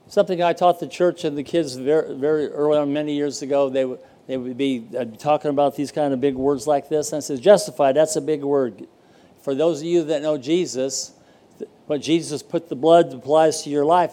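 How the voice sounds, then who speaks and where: An older man preaching a sermon as pastor, telling stories in a folksy way with dramatic pauses. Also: fairly high pitch, steady tone, mellow.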